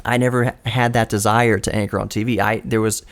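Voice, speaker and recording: A man's voice: lowish voice, flat delivery, a little fast. A man in his thirties hosting his own radio show, talking alone into a studio microphone in an earnest, storytelling way with a dry, self-mocking streak. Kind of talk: reflective solo radio monologue. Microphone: studio broadcast microphone.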